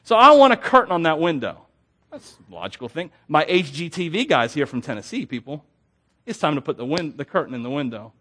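A young man preaching a sermon, telling stories in an animated, self-deprecating way with frequent laughs. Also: fairly high pitch, fairly quick, breathy edge. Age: young adult. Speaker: pastor.

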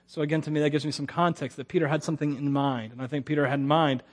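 Pastor, male, high voice, animated humorous sermon delivery with restarts. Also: very fast. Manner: animated, acts out quotes with humor, stammering restarts.

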